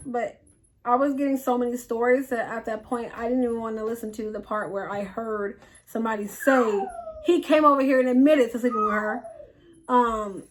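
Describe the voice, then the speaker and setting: A woman vlogger telling a personal story in casual storytime style, animated and repeating phrases for emphasis while talking straight to her viewers. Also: a little high, normal speed, slight background noise.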